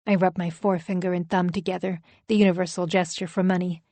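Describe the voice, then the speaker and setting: A woman narrating a first-person thriller audiobook in an even, wry storytelling manner. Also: fairly low pitch, fast, hardly any pauses, no room sound.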